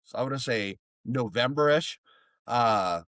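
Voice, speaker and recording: An American man, a therapist, telling a story as a podcast guest in a rambling, animated way. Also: medium pitch, a little slow, no room sound. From United States. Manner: rambling, animated, many restarts. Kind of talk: casual storytelling.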